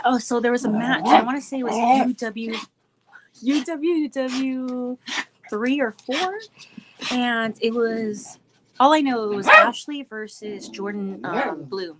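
A woman's voice: a little high, very noisy. Bubbly, giggly woman chatting with viewers. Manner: bubbly, giggly, talks baby talk to her dogs. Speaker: show host chatting with viewers. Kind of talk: casual live-stream chat.

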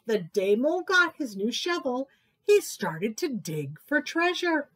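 A woman librarian reading picture books aloud to children at story time, expressive and sing-song. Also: sits high, unhurried.

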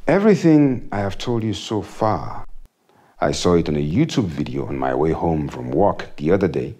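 A man's voice: sits low, sing-song, normal speed, warm tone. A man doing a comic monologue in a wry, self-mocking way, often chuckling. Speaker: comedian.

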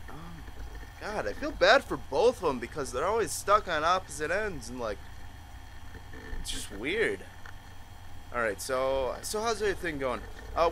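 This gaming YouTuber's fairly high voice comes through with a little hiss or hum. He reads chat messages aloud in mock voices while playing a chat-based game for his let's play commentary, staying animated and frequently swearing and laughing.

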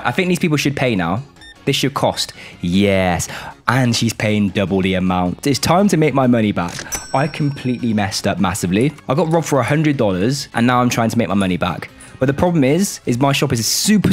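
Excitable lad playing a game. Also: male voice. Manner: excitable, exasperated, swings between high outbursts and low grumbles. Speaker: gaming YouTuber. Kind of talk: game commentary.

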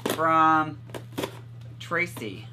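A man co-hosting a casual vlog at home, opening fan mail and bursting into excited exclamations. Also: fairly high pitch, extremely slow, background noise. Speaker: vlog co-host.

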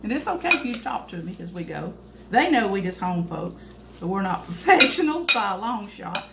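Gravelly and mid-range with big swings in pitch, this older woman talks at normal speed over heavy background noise. Hosting a home cooking video, she cooks and banters folksily with the cameraman, her kitchen echoing with the clatter of dishes.

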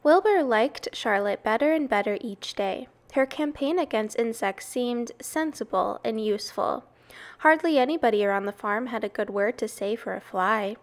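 A woman reading a children's storybook aloud in a measured, expressive way. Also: fairly high pitch. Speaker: reader.

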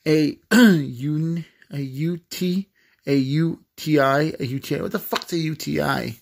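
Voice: mid-range voice, unhurried, creaky. A player giving casual gameplay commentary who stumbles over reading words aloud, swears casually and keeps breaking into laughing coughs. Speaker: gamer playing a search-guessing game.

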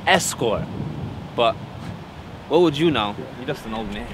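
A man's voice: mid-range voice, animated, a little slow, noisy background, natural voice. A man playing an eager, naive would-be pilot. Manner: insistent, repeats himself. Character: eager, naive young man dreaming of flying.

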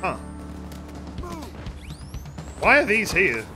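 Man, streamer, high voice, lively pitch, game music behind, casual, swears a lot. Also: very slow. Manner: excitable, swears freely, chats to viewers. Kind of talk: casual gameplay commentary.

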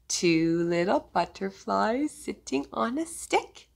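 A woman's voice: on the high side, sing-song, slow pace, vocal fry. A young woman leading an online children's circle time, singing and counting in a playful, encouraging sing-song. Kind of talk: singing and leading kids' songs. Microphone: webcam or laptop mic on video call.

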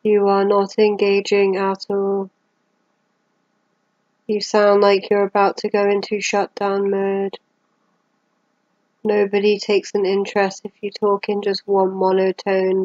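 A woman's voice: medium pitch, darkish tone, no echo, dull audio. A woman doing a voice-over on her own old clips, teasing herself bluntly while keeping her voice down late at night. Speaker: vlogger. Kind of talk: self-mocking voice-over commentary.

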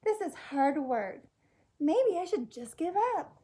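A woman's voice: high voice, sing-song, takes it slowly, mellow, exaggerated voice. A woman voicing a small, eager young male zebra who gets discouraged easily and sounds whiny and pleading. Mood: plaintive.

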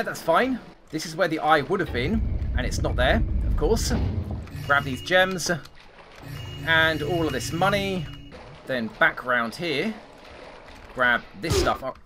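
A man murmuring casual let's-play commentary in a slightly high, animated voice that jumps around. He keeps talking to himself and lets out frustrated outbursts. Game sounds are clearly heard behind him. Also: normal speed, long pauses, noisy background. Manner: muttering low to himself, bursting into frustrated outbursts. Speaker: gaming channel host. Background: game sounds and ambience.

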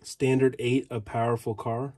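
A man's voice: mid-range voice, flat delivery, moderate pace, a little mellow, slightly rough. A man flipping through an old magazine, reading ad headlines aloud in fragments and adding offhand casual remarks.

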